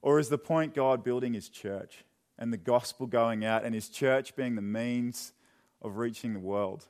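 A young man preaching a sermon in a church, chatty and joking, then dropping into quiet, earnest questions. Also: mid-range voice, unhurried. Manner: conversational and joking, with sudden drops to quiet earnestness. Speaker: pastor. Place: church hall.

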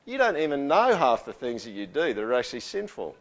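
A man preaching a sermon to a congregation in a conversational style, turning animated as he acts out quotes. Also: mid-range voice, quick pace. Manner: conversational, animated when quoting. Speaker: pastor.

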